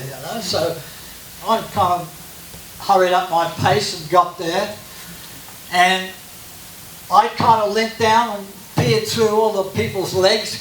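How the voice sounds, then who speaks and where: A man's voice: high voice, fairly bright tone. An Australian man giving a chatty, joking personal talk as guest speaker at a church gathering. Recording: echoey room from a distance, faint hiss.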